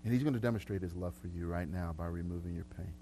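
A man's voice: sits low, fast talker, warm tone, a little hiss or hum. A man preaching a sermon as pastor, talking conversationally with repeated words and frequent laughs. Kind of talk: sermon with prayer ministry.

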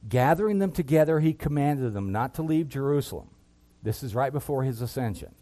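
A man preaching a sermon, reading scripture and building to loud, impassioned peaks before dropping low and quiet. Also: animated, fairly quick. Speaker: pastor.

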